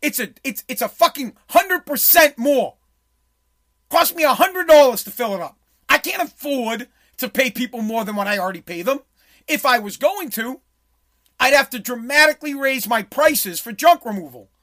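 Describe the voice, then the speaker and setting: A man's voice: extremely high pitch, expressive, moderate pace, fairly bright tone. A man who owns a small business, ranting sarcastically and profanely about politics while playing clips. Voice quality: blunt, sarcastic, swears freely. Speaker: commentator, small business owner. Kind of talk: profane political rant over video clips.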